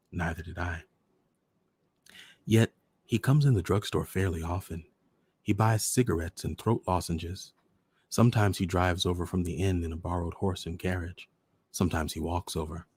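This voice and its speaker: A man hosting a storytime show, reading a short story aloud in a measured, deliberate way. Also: low voice, vocal fry, darkish tone, a little hiss or hum. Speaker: storyteller host.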